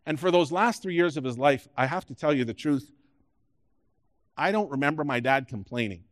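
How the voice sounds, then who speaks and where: Dynamic preaching man, dry close sound. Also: no room sound. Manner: dynamic preaching, swelling loud and high on key points. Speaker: pastor. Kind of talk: sermon.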